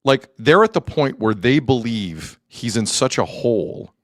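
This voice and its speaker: A man hosting a sports talk show, chatting animatedly, cutting in often and breaking into shouts of excitement. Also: mid-range voice, a little slow, no echo, clean studio sound.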